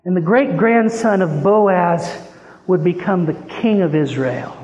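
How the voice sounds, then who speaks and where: A man preaching a sermon as a pastor, impassioned, swinging between hushed and rising pleading. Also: sits high, measured pace, highs cut off. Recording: long hall reverb.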